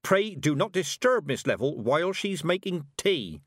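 Guy doing a bossy old witch lady, snappy and sharp, swoopy voice. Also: a little high, sing-song, normal speed, dry recording, clean studio sound, voice pushed up. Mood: stern. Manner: curt, commanding. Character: stern sharp-tongued old woman witch.

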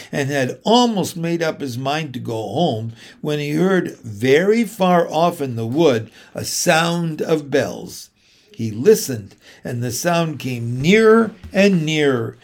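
A man reading a storybook aloud in a slow, measured and expressive way. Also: fairly high pitch. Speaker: narrator.

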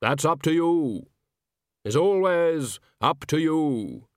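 A man voicing Death as a calm, patient, dry male figure who speaks in a measured, unhurried way. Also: fairly high pitch, no room sound.

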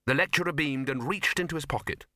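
A man narrating a comic fantasy audiobook with expressive storytelling. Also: a little high, fast, no room sound, clean studio sound. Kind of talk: scripted narration.

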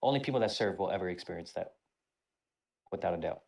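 Man, podcast host, army veteran, casual chat, profane, animated storyteller. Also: sits low, quick pace, creaky.

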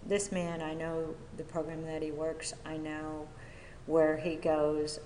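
A woman giving a personal testimony from a podium at a recovery meeting, talking haltingly with many fillers and restarts. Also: deep voice, a little hiss or hum. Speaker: speaker sharing at a recovery meeting. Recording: echoey hall with long reverb.

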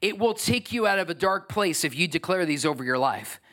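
A middle-aged man preaching a sermon as pastor, conversational and emphatic, swinging from soft to loud. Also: high-pitched, lively intonation, fairly quick.

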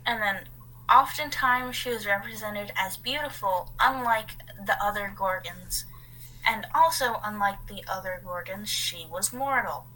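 Woman, podcast co-host, bright voice, casual storytelling, rambling asides, reads from notes. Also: medium pitch, a little slow, rough recording.

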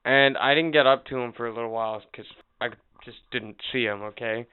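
Animated profane man with a tinny sound. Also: mid-range voice, brisk, clean tone. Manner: animated, profane, acts out quotes. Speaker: podcast co-host. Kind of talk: casual storytelling chat.

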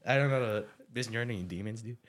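A man's voice: fairly low pitch, fast talker, over a noisy crowd. A young man telling stories in a casual chat with friends, slangy and laid-back, laughing often. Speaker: podcast co-host.

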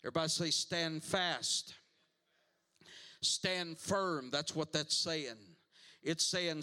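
A man's voice: fairly high pitch, takes it slowly, pauses often, pushed and bright, smooth. A man preaching a sermon as pastor, emphatic, repeating words and calling the congregation to answer back.

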